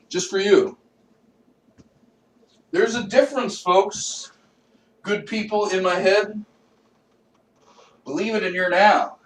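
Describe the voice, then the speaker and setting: A man's voice: high-pitched, expressive, takes it slowly, pauses often, a bit bright. A man delivering a profane, rambling comedic monologue and talking to himself. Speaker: vlogger. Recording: roomy echo, distant from mic.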